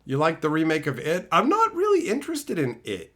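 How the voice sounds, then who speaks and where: A bright, forceful male voice with a very animated pitch that jumps high when he is exasperated. He is a Canadian streamer reading chat messages casually and answering with sarcasm and swearing. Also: fairly quick.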